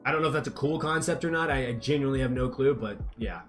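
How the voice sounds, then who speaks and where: A man's voice: medium pitch, fast talker, a bit bright, soft background music. Rambling young man streaming games. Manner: rambling, playful, reads chat aloud and teases viewers. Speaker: livestreamer. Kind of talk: casual livestream chat while gaming.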